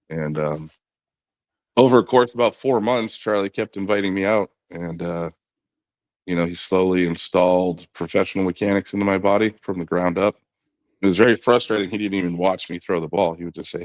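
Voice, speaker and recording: Deep-voiced man telling his story. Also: a little fast, no room sound. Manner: relaxed storyteller, quotes others in his own voice, frequent "you know" and restarts. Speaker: podcast guest, former knuckleball pitcher. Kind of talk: conversational storytelling interview.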